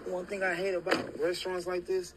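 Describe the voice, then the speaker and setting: A blunt man with a fairly high voice rants from inside a car at night, swearing freely and getting heated. Loud background ambience fills the recording behind him. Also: monotone, brisk, heavy background noise. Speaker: boyfriend in a filmed car clip. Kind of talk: casual ranting chat.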